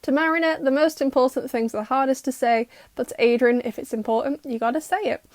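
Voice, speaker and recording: A woman's voice: high-pitched, fast, no echo. Sarcastic young woman. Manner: sarcastic, exasperated roasting with mock quotes. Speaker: YouTuber reacting to a cartoon. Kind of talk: comedic episode recap.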